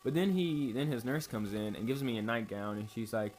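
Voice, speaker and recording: A man's voice: mid-range voice, fairly quick, hardly any pauses. Rambling, profane young man vlogging. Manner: rambling, profane, laid-back. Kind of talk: casual storytelling to camera. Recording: noisy home recording.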